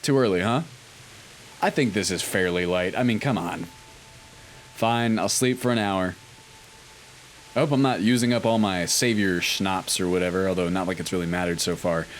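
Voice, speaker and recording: A man commenting casually on a video game playthrough, relaxed and thinking aloud with frequent ums. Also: sits low, moderate pace, pauses often, a little hiss or hum. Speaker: gaming YouTuber. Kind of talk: let's play commentary.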